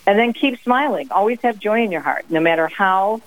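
A middle-aged woman from New Jersey, a guest author on a radio interview, telling family stories in a lively, emphatic way. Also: medium pitch, fairly quick, narrow, tinny audio. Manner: lively, emphatic, acts out her mother's sayings. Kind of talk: radio interview, personal storytelling.

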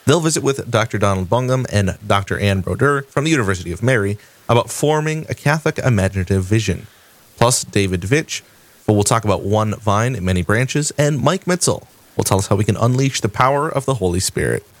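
A man's voice: on the low side, lively intonation, fairly quick, dry recording. A man reading upcoming-show announcements in a radio studio, upbeat.

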